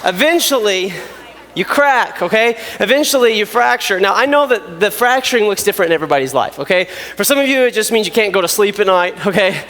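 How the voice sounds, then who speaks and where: Man, youth speaker, high voice, casual and animated, big reverberant hall. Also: a little fast. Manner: chatty, animated, laughs often, many "okay?" check-ins. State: out of breath. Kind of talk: talk to a youth group.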